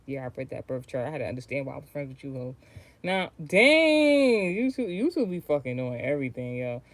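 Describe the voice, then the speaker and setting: A woman's voice: extremely low pitch, sing-song, fairly quick. A woman from the United States talking casually on a livestream as a tarot reader, rambling and swearing freely. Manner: rambling, profane, chatty, often trailing off and restarting.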